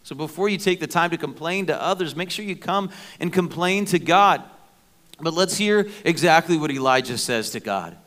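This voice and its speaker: Middle-aged guy preaching, chatty and animated, slightly high voice, throws in jokes and sound effects. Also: normal speed. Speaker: pastor. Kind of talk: sermon.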